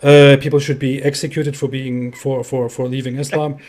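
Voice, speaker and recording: A man's voice: medium pitch, flat delivery, moderate pace, a little mellow. A man in casual live-stream chat, indignant and sarcastic, restarting his phrases often. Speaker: co-host.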